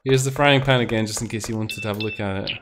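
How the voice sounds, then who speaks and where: A man's voice: fairly low pitch, steady tone, fast, slight background noise. Chatty male streamer, laughing and swearing. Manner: laughing, swearing, talking to himself. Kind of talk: casual game commentary.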